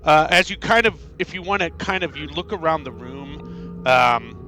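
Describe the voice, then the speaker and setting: A man narrating a tabletop game as game master, halting and repeating himself with many fillers. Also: a little high, expressive, sharp tone, slight background noise. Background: background music.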